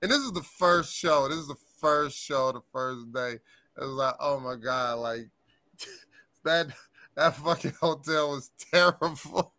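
A man guest on a podcast, telling tour stories in a casual, animated and profane way, laughing often. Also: a little high, measured pace, no echo. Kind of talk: casual storytelling chat.

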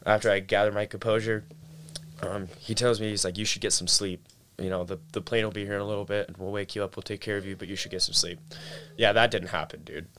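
Talking fast in an easygoing chat, this young guest shares his own story, scattering "like" and "dude" throughout. His voice is on the low side, steady and fairly bright, with slight background noise.

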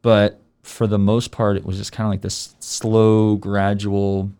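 Smooth-voiced man in his thirties hosting. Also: fairly low pitch, measured pace. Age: 30s. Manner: relaxed, rambling with many ums. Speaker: podcast host. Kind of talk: casual faith chat.

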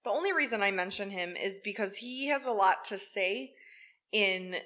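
A podcast co-host with a bright, forward, medium-pitched voice tells a true-crime story at a moderate pace in relaxed chat. Her tone is wry and salty, and she swears freely.

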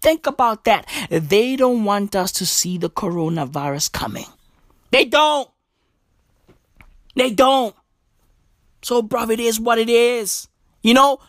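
A woman's voice: on the high side, lively intonation, unhurried, no echo, studio quality. A woman delivering a profane comic rant, full of slang, swearing and emphatic repeats. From South Africa.

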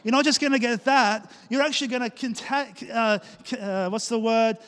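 A male pastor, preaching a lively sermon and joking as he acts out little scenes for the congregation. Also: very high voice, normal speed. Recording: reverberant church hall.

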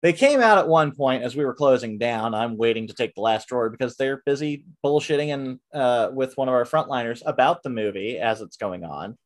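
A man's voice: medium pitch, a little fast, few pauses. Chatty man rambling through a movie review. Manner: rambling, frequent fillers and restarts, animated rants. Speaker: podcast host. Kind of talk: casual movie review chat.

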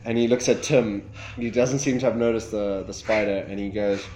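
A man's voice: fairly low pitch, steady tone, moderate pace, a little mellow, roomy sound, rough recording. A man narrating a tabletop game as game master, rambling with fillers and restarts.

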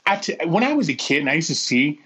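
A man's voice: on the high side, big pitch swings, fast, a bit bright, breathy edge, muffled recording. A man co-hosting a podcast, telling stories casually with lots of swearing and laughter, acting out the people in them. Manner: profane, laughing, acts out voices in his stories. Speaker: podcast co-host. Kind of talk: casual storytelling chat.

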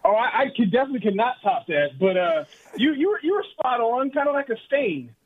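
High-voiced man on a muffled line. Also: big pitch swings, fairly quick, dry recording. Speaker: TV sports reporter guest.

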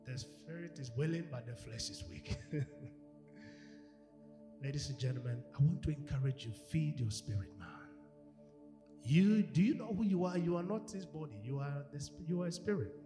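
A male pastor preaching a sermon, animated, acting out quoted voices and swinging from shouts to hushed tones. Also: fairly high pitch, normal speed, pauses often. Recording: echoey hall with music behind.

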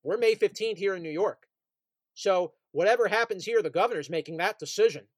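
A man's voice: high-pitched, fairly quick, no room sound. A man co-hosting a casual sports podcast, reading out news items and talking it over with an easy laugh. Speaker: podcast co-host.

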